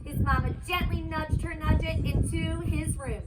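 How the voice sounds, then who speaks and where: A woman teacher reading a picture book aloud to her students, expressive and animated, putting on voices for the characters. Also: normal speed. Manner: animated, voices the characters with big pitch swings. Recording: loud background noise.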